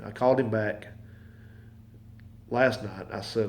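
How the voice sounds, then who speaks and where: A man's voice: fairly low pitch, expressive, normal speed, long pauses, darkish tone, slight background noise. A man telling a long, folksy, rambling story in his home garage, repeating himself as he goes. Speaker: mechanic and channel host. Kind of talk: casual storytelling to camera.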